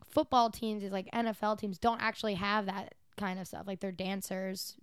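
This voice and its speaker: Chatty young woman, smooth dry voice. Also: medium pitch, normal speed, no echo. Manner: chatty, rambling, quotes people in lively voices. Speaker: podcast co-host. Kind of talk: casual chat.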